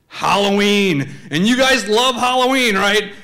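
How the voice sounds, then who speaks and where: A man telling a comic true story live on stage, chatty and animated, slipping into voices. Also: high-pitched, measured pace. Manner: animated, conversational, swings into voices. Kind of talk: live comedic personal storytelling. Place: theater stage before a live audience.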